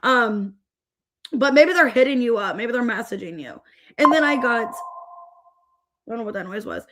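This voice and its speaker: A woman's voice: fairly high pitch, expressive, measured pace, noisy background. Chatty woman giving a tarot reading. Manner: chatty, rambling, greets viewers mid-reading. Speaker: tarot reader.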